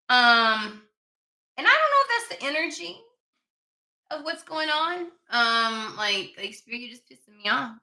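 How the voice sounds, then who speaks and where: Casting: woman host, bright tense voice, irritated cursing chat at home. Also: fairly high pitch, very animated, unhurried. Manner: profane, irritated, rambling. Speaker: tarot reader channel host. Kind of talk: casual chat to camera. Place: home room with desk and window. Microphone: camera mic.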